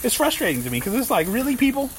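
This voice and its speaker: A man's voice: extremely high pitch, sing-song, very fast, crowd noise. A man hosting a casual podcast, ranting and swearing constantly while cooking in his kitchen. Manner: profane, ranting, heavy swearing. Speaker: podcast host.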